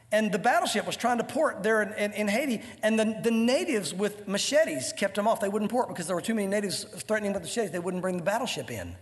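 A man preaching a sermon in a church hall, animated and joking in asides. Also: high voice. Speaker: pastor. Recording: long hall reverb.

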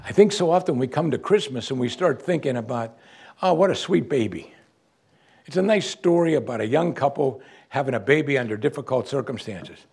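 A man preaching a sermon, his voice husky and a little breathy. He reads scripture aloud and then drives each point home with emphatic, deliberate phrasing. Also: medium pitch, expressive, a little mellow. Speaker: pastor.

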